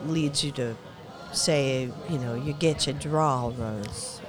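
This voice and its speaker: Podcast co-host, medium-high voice, relaxed wry talk, music behind. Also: takes it slowly. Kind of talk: casual chat.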